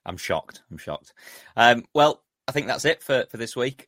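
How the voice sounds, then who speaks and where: A man's voice: medium pitch, big pitch swings, measured pace, fairly bright tone, no room sound. A man co-hosting a podcast, chatting with dry, blunt quips. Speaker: podcast co-host. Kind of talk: casual chat.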